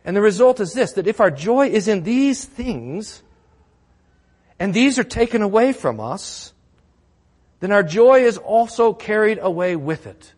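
A male pastor preaching a sermon in an earnest, conversational way, asking rhetorical questions. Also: sits high.

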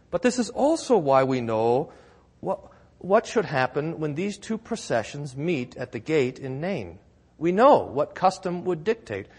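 Pastor guy preaching, kinda high voice, big dramatic build-ups. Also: long reverb tail. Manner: dramatic storytelling, builds to emphatic declarations. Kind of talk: sermon. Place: church.

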